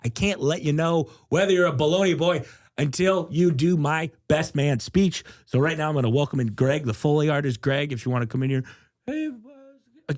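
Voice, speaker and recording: A man hosting a casual comedy podcast, goofy and self-mocking, with lots of filler words. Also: mid-range voice. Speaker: podcast host.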